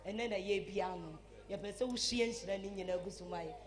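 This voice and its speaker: A master of ceremonies loudly hyping a live show and calling guests up. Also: medium pitch, fast talker. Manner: loud, hyping the crowd. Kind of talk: hyped live show emceeing. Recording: voice from far off the mic.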